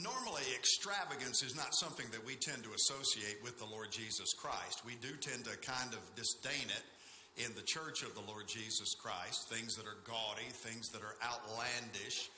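Male pastor, bright forceful voice, emphatic pulpit delivery, roomy church echo. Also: mid-range voice, a little hiss or hum. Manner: emphatic preaching with dramatic pauses. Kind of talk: sermon. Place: church sanctuary. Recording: echoey church room.

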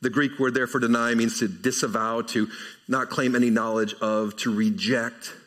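A man preaching a conversational sermon verse by verse, asking rhetorical questions and shifting between emphatic and quiet delivery. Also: mid-range voice, fairly even intonation, normal speed. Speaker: pastor.

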